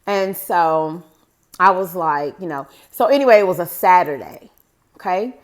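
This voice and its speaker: Chatty woman telling a story, lowish voice. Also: measured pace. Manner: chatty, often calls the viewers "guys", rambling with "so anyway". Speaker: vlogger. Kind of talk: casual storytime to camera.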